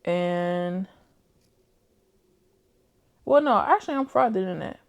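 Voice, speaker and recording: A young adult woman chatting casually as she reviews books, telling the plots in an animated, slangy way. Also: mid-range voice, slow, creaky. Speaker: book reviewer. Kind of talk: casual chat.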